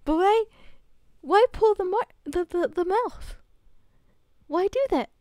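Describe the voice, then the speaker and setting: A woman's voice: extremely high pitch, takes it slowly, darkish tone, no room sound, studio quality. A young woman with a Southern American accent chatting casually with her live chat as a streamer, laughing often. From Southern United States. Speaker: livestreamer.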